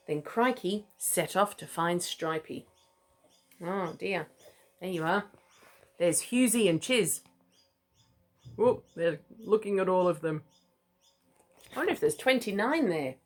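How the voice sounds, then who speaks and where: Mum reading to her kid, lively up-and-down voice, playful asides. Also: on the low side, takes it slowly, pauses often. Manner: playful, chatty asides and laughs. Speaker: mother reading to her child. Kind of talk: reading a picture book aloud.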